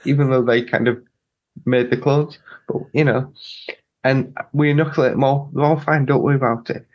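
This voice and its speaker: Male podcast co-host, mid-pitched, rambling chatty delivery, muffled lo-fi mic. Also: steady tone, brisk. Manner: rambling, many restarts. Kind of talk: casual podcast chat. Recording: dull lo-fi mic.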